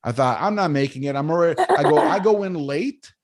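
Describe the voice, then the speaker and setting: A man, a podcast guest telling stories in a casual interview, animated, often checking in with "right?". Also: a little high, fairly quick. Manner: animated storyteller, keeps asking "right?". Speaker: podcast guest, business coach.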